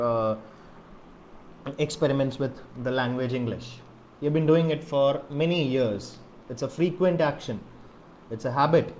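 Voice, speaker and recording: A man's voice: medium pitch, a little hiss or hum. A man whose first language is Malayalam, teaching an English grammar lesson and filling his explanations with repeated okays and questions to the viewer.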